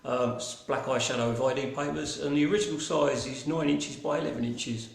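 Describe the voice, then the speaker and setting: Talking a little fast in a steady, creaky, mid-range voice, a Cockney man hosts an online gallery private view against a reverberant backdrop. His casual livestream rambles along with many ums and restarts and cheerful swearing.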